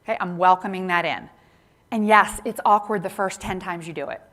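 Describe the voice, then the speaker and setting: Bright-voiced woman presenting at a conference. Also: lowish voice, brisk. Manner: animated, tags lines with "right?" to engage the audience. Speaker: conference presenter on workplace inclusion. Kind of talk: interactive conference talk. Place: conference session room.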